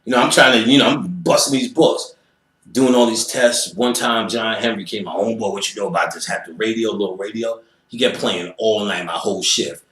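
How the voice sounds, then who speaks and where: This man speaks a little fast in a fairly low, slightly bright voice, telling a profane interview story with lots of energy, voices, and sound effects. The room gives a noticeable echo.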